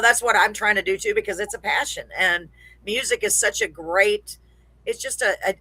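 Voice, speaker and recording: A woman from Texas, faint drawl still in her vowels, hosts a live web radio chat show. She gushes and laughs as she talks, in a bright, forward voice. The sound is dry and close, with no room around it. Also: lowish voice, slightly rough, dry recording. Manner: gushing, laughing, chatty. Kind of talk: casual chat.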